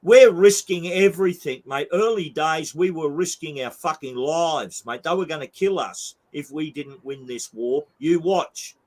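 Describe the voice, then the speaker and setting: An older man with a broad Australian accent, speaking as an outspoken interview guest. His voice sits a little high for a man, and he talks bluntly and emphatically, swearing often. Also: measured pace, few pauses. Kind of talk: heated interview talk.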